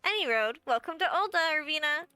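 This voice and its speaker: A brassy, tiny innkeeper who runs an adventurers' guild in a game, and she speaks with a lilt. The voice sits high and bright, wry and folksy, with every line dry and close to the mic. A faint game score plays underneath. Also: expressive, a little fast, no echo, soft background music. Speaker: game character. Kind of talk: game voice acting.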